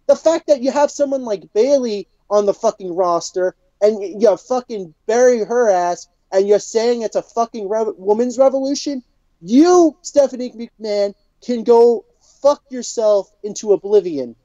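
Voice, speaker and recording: Casting: a woman, mellow dark tone, cursing furiously through an angry rant, in dry, dull lo-fi sound. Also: fairly high pitch, normal speed, no room sound. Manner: furious, heavy swearing, stammering restarts. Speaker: podcast co-host. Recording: dull lo-fi podcast audio.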